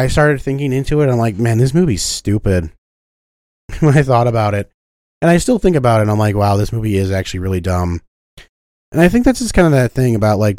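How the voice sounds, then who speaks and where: A man's voice: fairly low pitch, no room sound, studio quality. Profane ranting young man. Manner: profane, animated, lots of fillers. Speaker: podcast host. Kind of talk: casual ranting monologue.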